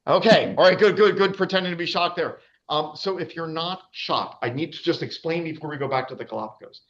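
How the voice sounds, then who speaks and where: A man with a fairly high, fairly bright voice gives an informal public lecture on wildlife at a fairly quick pace, captured in a dull lo-fi recording. As a lecturer and nature guide, he's chatty, often checks in with "all right?", and uses frequent fillers and restarts.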